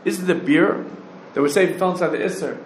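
A man teaching a Talmudic law lecture, firing off rapid questions and rising challenges. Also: on the high side, slight background noise. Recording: roomy echo with faint ambience.

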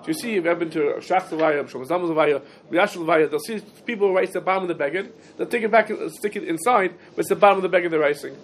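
Teacher lecturing in a sing-song cadence. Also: male voice, high voice, fast talker, hardly any pauses. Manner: sing-song learning cadence, stops to field students' questions. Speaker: Talmud teacher giving a class. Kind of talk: yeshiva-style halacha lecture.

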